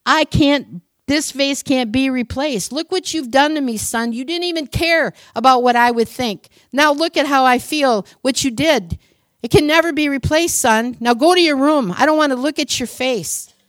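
A woman speaking as an angry father scolding his young son in a sermon story, loud and raised. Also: high voice, normal speed, no echo, pitched above the performer's own voice, lightly acted.

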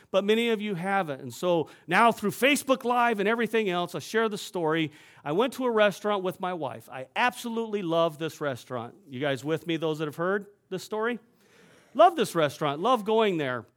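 A male pastor with a high voice preaches in church, sharing a personal story conversationally and frequently checking in with his congregation.

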